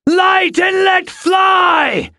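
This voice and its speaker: A man's voice: mid-range voice, a little slow, darkish tone, dry recording, clean studio sound, lightly acted. A man voicing a commanding male captain who gives terse orders in a fantasy audiobook. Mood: battle shout.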